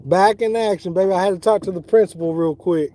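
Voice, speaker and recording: A man's voice: high-pitched, fast talker, mellow. A middle-aged man chatting casually on a fishing livestream, talking to viewers by name, outdoors on a boat on the water. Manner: laid-back, talks to viewers by name. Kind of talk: casual live-stream chat.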